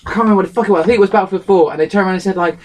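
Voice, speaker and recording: A man in casual podcast chat, talking quickly and swearing while trying to recall things. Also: high-pitched. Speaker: podcast co-host.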